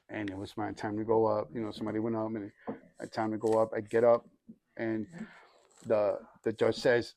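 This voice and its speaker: Fairly low, monotone and darkish in tone, this young man talks fairly quickly with no echo. He is a church group member giving his testimony, narrating his life in a loose, slangy, rambling way full of restarts.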